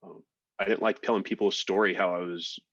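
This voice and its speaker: Low-voiced guy on a podcast, frank and laid back, cusses a bit, dull dry sound. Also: fast, dry recording. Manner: relaxed, frank, peppered with swearing and fillers. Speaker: podcast guest, military veteran. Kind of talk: casual storytelling.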